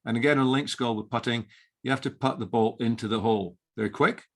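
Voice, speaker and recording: A man's voice: mid-range voice, brisk, a bit bright. A middle-aged man, an inn owner, chatting as a guest in a casual interview, rambling with many restarts and fillers.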